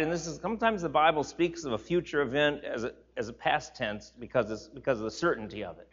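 A man's voice: mid-range voice, quick pace, hardly any pauses, fairly bright tone, slightly rough. A man leads an informal Bible lesson in a mid-range voice. He is chatty and emphatic, stacking repeated words for force and tossing asides to his listeners. The recording is a little dull and lo-fi. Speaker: teacher of a Bible class. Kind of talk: informal sermon teaching.

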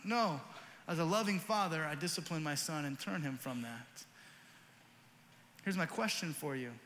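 A pastor in his forties preaching a sermon, earnest and emphatic, telling stories with lively energy. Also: sits high, big-room sound.

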